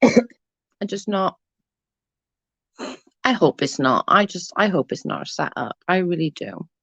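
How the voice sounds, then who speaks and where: A woman's voice: on the low side, lively intonation, a little slow, vocal fry, fairly bright tone, breathy edge, no echo. A woman with an English accent chatting casually on a livestream, blunt and sweary as she answers comments. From England. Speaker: livestream host. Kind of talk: casual live chat reading comments. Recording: dull dry lo-fi stream audio.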